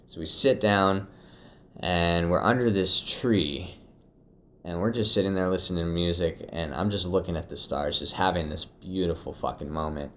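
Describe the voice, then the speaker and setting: A young man casually telling a personal story, profane and animated, slipping into acted quotes. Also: sits low, slight background noise. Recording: dull lo-fi recording.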